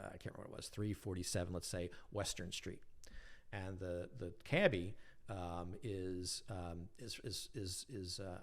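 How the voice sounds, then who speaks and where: A middle-aged man, a physicist guest on a podcast, telling a long story in a casual, animated way and acting out the voices of people in it. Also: low-pitched. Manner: animated, laughs often, acts out voices in his stories.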